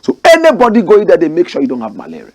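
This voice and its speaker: A man's voice: high-pitched, huge pitch swings, racing, slightly rough, no echo. Emphatic man, dry close sound. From Ghana. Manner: preachy, emphatic, addresses listeners directly. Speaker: commentator and host. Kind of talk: passionate storytelling commentary.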